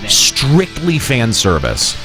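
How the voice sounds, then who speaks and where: A man's voice: mid-range voice, huge pitch swings, pushed and bright. Chill podcast guy, voice jumps all over the place, lots of uhs, faint guitar music behind. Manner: laid-back, many filler pauses. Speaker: podcast co-host. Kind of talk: casual group chat.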